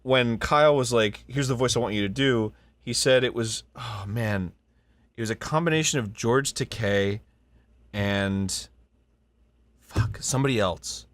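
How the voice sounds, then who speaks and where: A man's voice: mid-range voice, unhurried, fairly bright tone, no echo. A man in his thirties telling a casual, rambling story about his voice work, often breaking off mid-sentence and swearing. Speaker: voice actor and show host.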